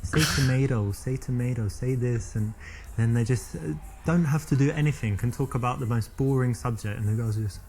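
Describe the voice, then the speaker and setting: A man's voice: medium pitch, brisk, mellow, lightly acted. A man playing a cocky British flirt. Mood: boastful. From England. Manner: boastful, teasing, rambling.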